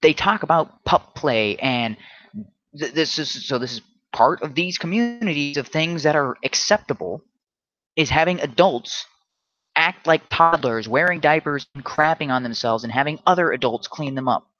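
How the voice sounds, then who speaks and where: A man's voice: on the high side, lively intonation, normal speed, fairly bright tone, lo-fi sound. A man hosting a solo livestream, ranting combatively and often stumbling into restarts. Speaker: livestream host.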